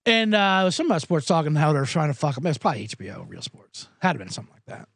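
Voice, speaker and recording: Guy doing a betting podcast solo in a booth, swears a lot, rambles, high bouncy voice. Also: very animated, rapid-fire, gravelly, a bit bright, breathy edge, no echo, studio quality. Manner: profane, rambling, self-mocking. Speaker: sports betting podcast host. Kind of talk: casual sports betting talk on a live podcast. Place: small booth alone. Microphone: studio microphone.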